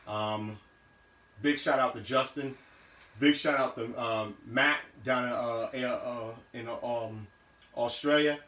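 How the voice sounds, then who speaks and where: A man's voice: medium pitch, fairly bright tone, slight background noise. Rambling man in an echoey garage. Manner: rambling, loose, many fillers and restarts. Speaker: car build vlogger. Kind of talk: casual show-and-tell of car parts.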